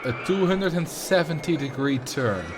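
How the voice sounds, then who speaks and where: Over background noise, a Dutch streamer from the Netherlands talks casually while building in a game and responding to chat. His voice is a little high, with lively intonation and a moderate pace.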